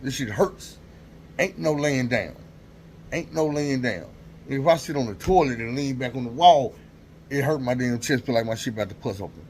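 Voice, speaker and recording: A man's voice: medium pitch, normal speed, a little hiss or hum. Slang-heavy man telling a story. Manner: animated, slangy and emphatic, with lots of repetition. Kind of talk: casual storytime monologue.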